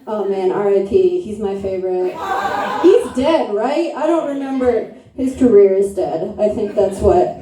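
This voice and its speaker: Her mid-range voice is expressive and measured as this upstate New York woman in her thirties does brash, crude, self-mocking stand-up at a comedy club. Background noise is audible, the room echoes, and the mic sits at a distance.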